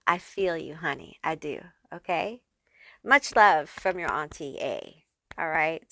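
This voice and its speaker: A woman does a casual pick-a-card tarot reading, chatty, reassuring and affirming, swearing freely and repeatedly checking in with "okay?" and "honey." Her voice sits low and is expressive, pushed and bright, at a slightly slow pace. The studio-quality recording has no room sound.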